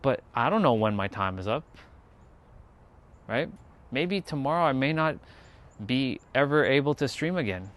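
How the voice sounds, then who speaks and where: A man's voice: mid-range voice, lively intonation, moderate pace, pauses often, a bit bright. Rambling, chatty man streaming outdoors. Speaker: livestreamer. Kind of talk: casual livestream chat.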